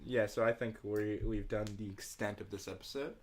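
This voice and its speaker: A man's voice: fairly low pitch, steady tone, fairly quick. A young man hosting a podcast, laid-back in casual chat, using fillers as he wraps up. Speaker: podcast host.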